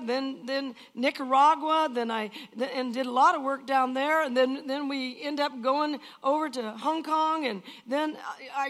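A woman's voice: high-pitched, a bit bright. An older woman giving an emotional personal testimony in an earnest, emphatic way, often repeating phrases.

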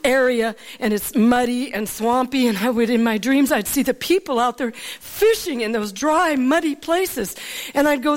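A woman from Alaska preaching in a storytelling sermon, animated and laughing often as she asks her listeners for an amen. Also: a little high, normal speed.

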